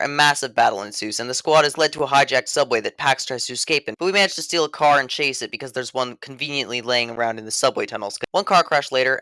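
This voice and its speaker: A man's voice: mid-range voice, sharp tone, clear, resonant tone, no echo. A man narrating a scripted video game review voice-over in a sarcastic, mock-serious way.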